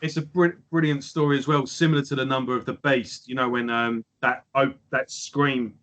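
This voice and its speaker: A man with a bright, forceful voice co-hosts a relaxed music podcast. He tells stories with lively energy and drops swear words freely. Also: medium pitch, moderate pace. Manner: animated storyteller who swears freely. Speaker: podcast co-host. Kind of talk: casual chat about music.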